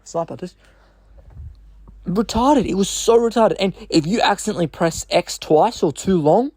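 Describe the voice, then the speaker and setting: A man's voice: on the high side, a little mellow, no room sound, studio quality. A man in an unscripted gaming rant, exasperated and blunt, swearing freely and rambling with restarts and sighs. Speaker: gaming commentator.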